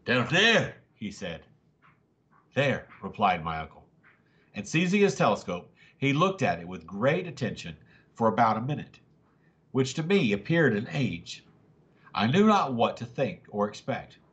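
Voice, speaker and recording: A man's voice: on the low side, very animated, normal speed, highs cut off. A man reading a classic adventure novel aloud to a family audience with dramatic narration. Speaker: family story reader.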